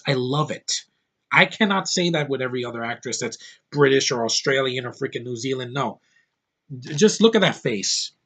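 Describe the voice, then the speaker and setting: A young man talking casually to camera in a home video, opinionated and excitable, ranting about what he likes and hates. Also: a little high. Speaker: movie collector vlogger. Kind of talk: casual movie haul vlog.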